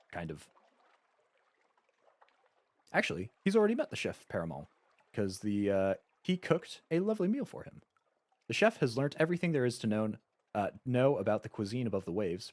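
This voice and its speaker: A man's voice: lowish voice, dry recording. A man streaming a game live, reading its story text aloud and chatting casually with frequent stammered restarts.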